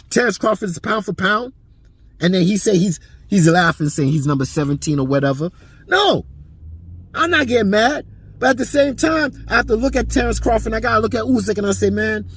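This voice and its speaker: On his boxing channel, a man rants hotly about the sport, cursing nonstop. His voice is high and fairly bright with a breathy edge, captured in a dry recording.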